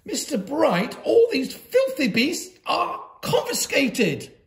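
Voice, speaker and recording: A woman voicing a stern, strict headmistress who snaps and shouts in a storybook reading. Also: high voice, wildly swooping pitch, slow, gravelly, roomy sound, pitched above the performer's own voice, exaggerated voice. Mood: snapping. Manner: loud and snapping.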